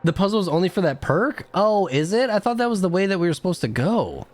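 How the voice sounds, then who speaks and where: A man's voice: high voice, big pitch swings, quick pace. A young man doing live game commentary as a streamer, chatting with viewers and breaking into frustrated outbursts. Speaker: gaming streamer.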